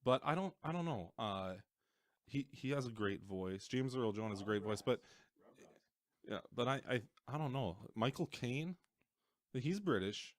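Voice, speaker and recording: A man's voice: mid-range voice, expressive, unhurried, dry recording. A man co-hosting a podcast in casual chat, giving short, hesitant replies and laughing along. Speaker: podcast co-host.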